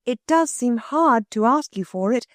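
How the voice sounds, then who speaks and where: A woman's voice: on the high side, lively intonation, measured pace, no room sound, clean studio sound. A woman voicing an earnest, soothing young girl who coaxes and pleads. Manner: earnest, coaxing.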